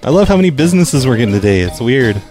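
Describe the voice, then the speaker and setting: A man making prank phone calls, acting hurt and complaining that he is being yelled at. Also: mid-range voice, very animated, quick pace, soft background music. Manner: mock-emotional, whiny complaints. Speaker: prank caller.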